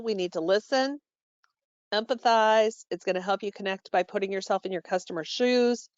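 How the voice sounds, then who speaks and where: A woman walks staff through a training call in an instructive way, stopping often to correct herself. Her voice sits in a middle pitch. The audio is dull and dry, like a web-call microphone. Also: no room sound. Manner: instructive, with frequent fillers and self-corrections.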